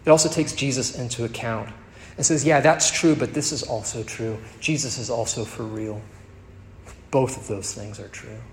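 A male pastor preaching a sermon, moving between soft tender passages and emphatic rising peaks. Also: mid-range voice, moderate pace, a little hiss or hum. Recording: echoey hall with faint ambience.

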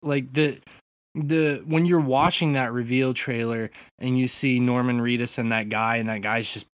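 A man's voice: medium pitch, fairly even intonation, moderate pace, no echo. A man co-hosting a casual podcast, rambling through his opinions with many restarts. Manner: rambling, full of fillers and restarts. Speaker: podcast co-host. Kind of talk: casual chat.

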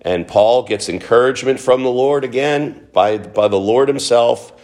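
A man's voice: medium pitch, moderate pace, darkish tone. A man preaching a sermon as pastor in a conversational way, putting rhetorical questions to his listeners.

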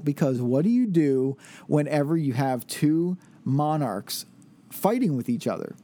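A young man lectures on history in a loose, chatty way, full of ums and asides between passages he reads aloud. His voice sits a little high but sounds warm and mellow. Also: lively intonation, a little slow. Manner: rambling, filler-heavy, reads passages aloud then explains informally. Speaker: teacher. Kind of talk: casual church history lecture.

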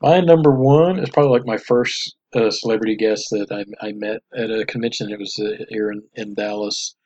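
A man's voice: lowish voice, steady tone, brisk, darkish tone, dull audio. A man co-hosting a casual podcast, telling a story in a loose, rambling way with lots of fillers and laughs. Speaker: podcast co-host. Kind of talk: casual chat.

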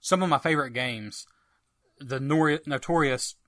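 A man's voice: medium pitch, unhurried, a bit bright, no room sound. A man co-hosting a podcast, chatting enthusiastically about retro games with a rambling, filler-filled delivery. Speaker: podcast co-host. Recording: dry close mic.

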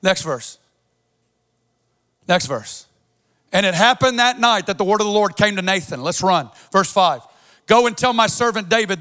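A man's voice: high voice, lively intonation, normal speed, long pauses, pushed and bright. A man preaching a sermon, reading scripture and expounding it with an impassioned, sing-song cadence.

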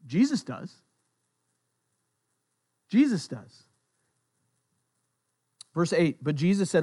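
High-voiced pastor preaching up close. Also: male voice, big pitch swings, slow pace, long pauses, dark tone, slightly rough, no room sound. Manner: conversational, with playful asides and voiced reactions; repeats words while thinking aloud. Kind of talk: sermon.

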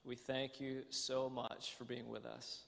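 A man's voice: mid-range voice, level tone, a little slow, gravelly, fairly bright tone. A man with a Southern American accent, a guest pastor opening a sermon in a folksy, self-joking way. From United States. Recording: long church hall reverb.

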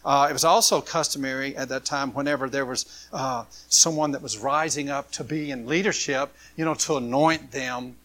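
A man preaching a sermon, swinging from loud, impassioned passages to hushed ones. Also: mid-range voice, steady tone, normal speed, hardly any pauses. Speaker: pastor.

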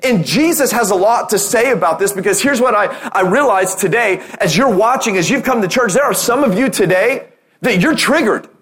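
A man preaching a sermon as pastor, telling a parable with lively acted-out quotes and rallying calls. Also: sits high, normal speed. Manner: animated storytelling, acting out quotes.

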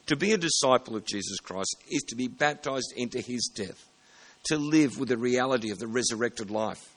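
Man preaching a relaxed sermon. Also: mid-range voice. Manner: plain conversational preaching with self-corrections. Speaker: pastor.

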